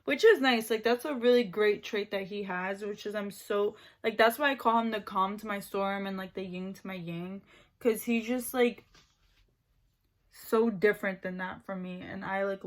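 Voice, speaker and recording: A young woman rambling chattily about her boyfriend while doing her makeup, filling her talk with "like". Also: mid-range voice. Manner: rambling and chatty, fills speech with "like". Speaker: beauty vlogger.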